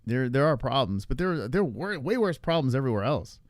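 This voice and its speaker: Male streamer host, casual and rambling, bouncy animated delivery, swears and laughs at chat; close dry mic. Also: mid-range voice, brisk, no room sound. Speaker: livestream host. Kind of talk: casual live-stream chat reading viewer comments.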